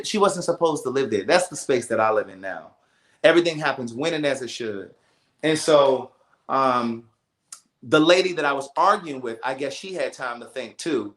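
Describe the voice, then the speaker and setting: A man hosts a casual livestream and tells a story in an animated, emphatic way, circling back and repeating himself as he goes. His voice sits at an ordinary pitch and carries a noticeable roomy echo. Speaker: livestream host.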